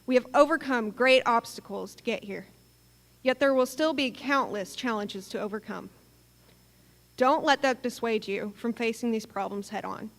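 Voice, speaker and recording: Young woman valedictorian; friendly, lightly joking, somewhat high pitch, long gym echo. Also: normal speed, vocal fry. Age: young adult. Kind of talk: graduation speech.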